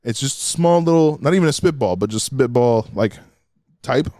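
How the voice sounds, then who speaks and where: A young man chatting on a podcast, telling an animated, swear-filled story and acting out the other people's lines. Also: mid-range voice, moderate pace, no echo, studio quality. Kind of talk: casual podcast chat. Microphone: studio mic.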